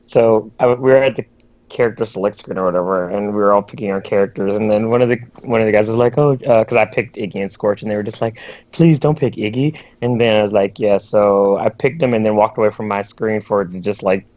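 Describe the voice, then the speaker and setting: A man's voice: on the low side, quick pace, darkish tone, dry recording. A man co-hosting a casual gaming podcast, ranting in an exasperated way and mimicking other players. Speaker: podcast co-host. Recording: dull lo-fi stream audio.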